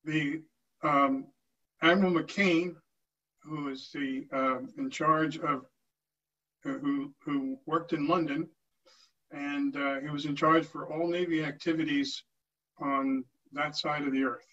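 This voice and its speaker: A man's voice: a little high, steady tone, slow pace, pushed and bright. An older man speaking earnestly at a town hall meeting, often restarting his sentences. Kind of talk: informal address to a meeting. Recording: distant muffled lo-fi recording.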